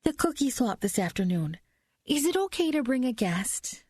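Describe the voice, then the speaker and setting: A woman's voice: sits high, very animated, moderate pace, a little mellow, breathy edge, no room sound, studio quality, pitched above the performer's own voice, full character voice. A woman reading a novel aloud, raising her voice to play a tense, overly formal neighbor who sounds tight and strained.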